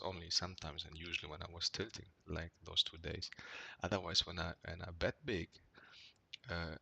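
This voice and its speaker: A poker player with a low, gravelly, sharp-toned voice rambles through a review of his hands as casual commentary over gameplay. He tags lines with "right?" and fillers, and gets worked up and swears when annoyed.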